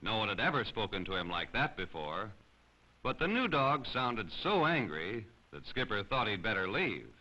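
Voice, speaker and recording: Brief: male storybook narrator, expressive, bright tone, lo-fi sound. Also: on the low side, normal speed. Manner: expressive, animated. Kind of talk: children's storybook reading. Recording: slightly dull lo-fi recording.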